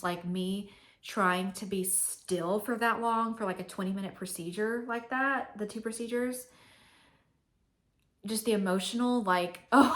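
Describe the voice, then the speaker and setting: A woman's voice: mid-range voice, fairly bright tone. A young woman vlogging to camera, telling a personal story in a chatty, candid way with many fillers.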